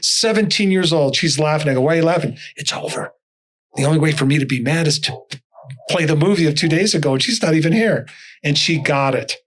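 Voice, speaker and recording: Older male guest speaker, slightly high voice, animated storyteller who voices the people in his anecdotes. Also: fast. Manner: animated, acts out dialogue in stories. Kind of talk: storytelling interview talk.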